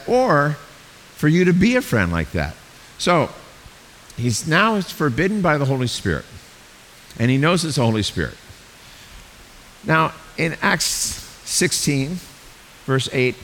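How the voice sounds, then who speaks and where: A man preaching a sermon as a pastor, animated and acting out the voices he quotes. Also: fairly high pitch. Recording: long hall reverb with faint hiss.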